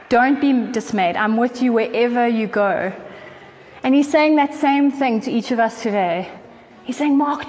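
A woman preaches with earnest, chatty warmth and a fairly high voice. Her talk is full of quick asides. The sound carries a faint hall reverb with light background noise. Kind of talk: sermon.

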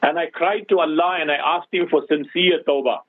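Brief: male radio host, husky and dry, phone-line sound, preachy rhetorical questions. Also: fairly high pitch, fairly even intonation, a little fast, no room sound. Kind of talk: radio Islamic advice talk.

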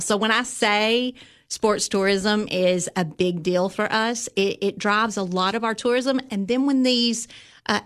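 A woman's voice: mid-range voice, fairly bright tone. Chatty Southern woman, upbeat storyteller. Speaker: visitors' bureau guest. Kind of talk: casual interview chat.

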